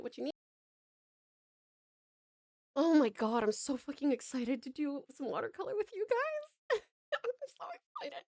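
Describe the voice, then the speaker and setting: High-voiced gushing Australian woman streamer. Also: no room sound, clean studio sound. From Tasmania, Australia. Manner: gushing, effusive thanks with casual swearing. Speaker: live streamer. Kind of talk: live stream chat with viewers.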